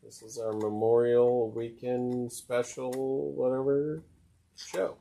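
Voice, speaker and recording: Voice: mid-range voice, little pitch movement, takes it slowly, gravelly, warm tone. A co-host of a live sewing show, reading out viewer names from the chat and greeting each one casually.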